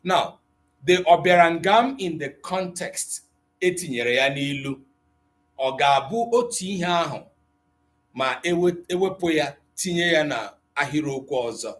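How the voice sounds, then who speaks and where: A man's voice: fairly high pitch, moderate pace, a bit bright. A man with an Igbo accent teaching a live online language lesson. He switches between English and Igbo, reads out viewer comments, chuckles often and teases the class.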